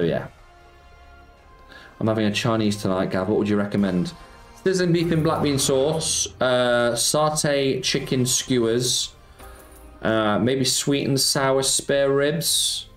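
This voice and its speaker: A man hosting a casual slots live stream, chatting with viewers and reading out their messages. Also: medium pitch. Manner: chatty, reads chat aloud and answers viewers, says mate a lot. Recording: roomy echo with music behind.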